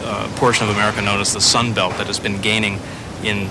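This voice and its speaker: A man explaining at length in an interview, pausing with fillers and restarting phrases. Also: fairly low pitch, flat delivery, background noise. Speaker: language expert interviewee.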